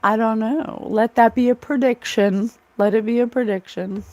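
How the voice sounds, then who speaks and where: A woman's voice: fairly high pitch, steady tone, normal speed, a little mellow, dry recording. A woman giving a casual, rambling psychic tarot reading, full of fillers and asides. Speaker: psychic reader.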